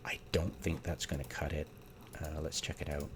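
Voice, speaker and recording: A man's voice: extremely low pitch, level tone, moderate pace, background noise. A man giving casual, exasperated commentary as he builds a game setup, full of rhetorical questions and ums. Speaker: game theorycrafter. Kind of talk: casual ranting commentary over gameplay.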